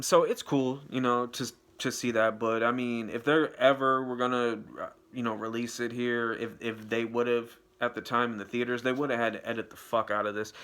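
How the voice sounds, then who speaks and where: A man's voice: mid-range voice, a bit bright. A young man giving a casual, rambling movie review, swearing freely and trailing off into fillers. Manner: rambling, profane, loose and unscripted.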